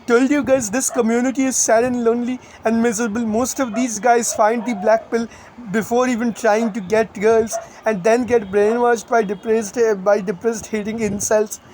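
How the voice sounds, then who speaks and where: A smug online commenter with a thick, stereotypical Indian English accent, rattling off a complaint in a quick, mocking sing-song, as a man puts him on. The voice is exaggerated and fast. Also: very high-pitched, steady tone, a little mellow, rough recording.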